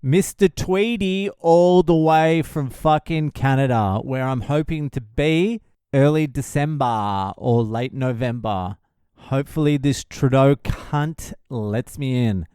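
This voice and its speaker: A man's voice: mid-range voice, takes it slowly, mellow, smooth, no room sound, clean studio sound. Foul-mouthed man telling comic stories. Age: adult father of a young child. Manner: blunt, heavy swearing, laughs at his own jokes. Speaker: comedian podcast host. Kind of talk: profane comic storytelling monologue.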